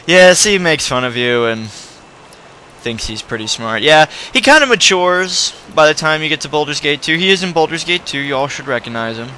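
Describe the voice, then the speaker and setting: Brief: male let's-play host, bright tone, chatty and rambling with self-corrections. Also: a little high, animated, normal speed, smooth. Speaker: video game player.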